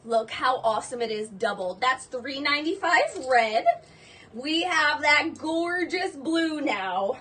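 High, gushing woman selling jewelry. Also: takes it slowly, far from the mic. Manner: gushing, excitable, exclaiming. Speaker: live jewelry sale host. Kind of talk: live-stream selling.

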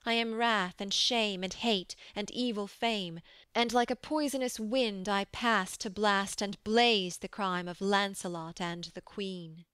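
A woman's voice: medium pitch, steady tone, measured pace, fairly bright tone, clear, resonant tone, dry recording, studio quality, natural voice. A woman voicing a raging betrayed young knight. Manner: cries out in bitter accusation. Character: anguished young male knight, wild with betrayal.

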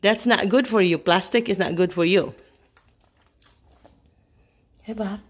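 A woman's voice: medium pitch, unhurried, breathy edge. A woman vlogging at home at night, chatting casually and cooing baby talk to her dogs. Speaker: vlogger filming her pets. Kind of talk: casual chat.

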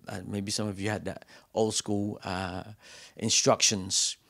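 A male pastor delivering a sermon with a low-pitched voice. He rises to loud, emphatic calls and drops to hushed, close asides, preaching in a church. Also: measured pace.

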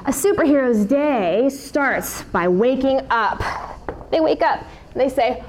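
Brief: woman kids yoga teacher, upbeat and coaxing, slightly high voice. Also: expressive, unhurried, darkish tone, slight background noise. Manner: upbeat, coaxing, talks to children. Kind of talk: guided kids yoga class.

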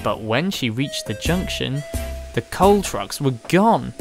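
Storybook narrator, slow, lively pitch, music playing behind.

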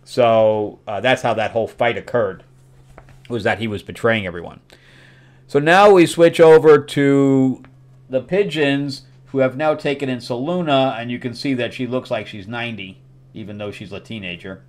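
Rambling middle-aged man reviewing comics. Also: mid-range voice. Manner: rambling recap with fillers and quick acted quotes. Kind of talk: casual comic book review.

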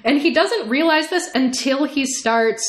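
A woman co-hosting a podcast in casual book discussion, retelling a story with quick acted-out voices and frequent laughter. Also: high voice. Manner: animated retelling, acting out characters in quick voices; laughs often. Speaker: podcast co-host.

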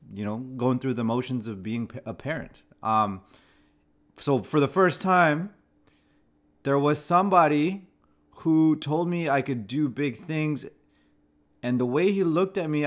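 Male host, 30s, medium voice, reflective first-person storytelling with frequent self-corrections. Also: mid-range voice. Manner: reflective and conversational, often restarting phrases. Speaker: host of a channel about anxiety. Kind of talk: personal story told to camera.

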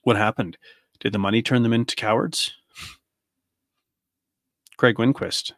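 A man in his thirties speaks in a fairly low voice, hurling pointed rhetorical questions one after another. His delivery is angry and impassioned, a host's monologue recorded close and dry with no room sound. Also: steady tone, a little slow, pauses often, no echo. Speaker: podcast host.

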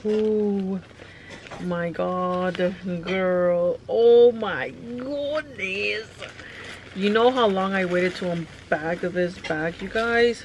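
A woman's voice: fairly low pitch, takes it slowly, slight background noise, poor audio. Gushing young woman unboxing vlog. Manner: gushing, excitable, chatty, addresses viewers directly. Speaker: beauty vlogger. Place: home, by her mirror.

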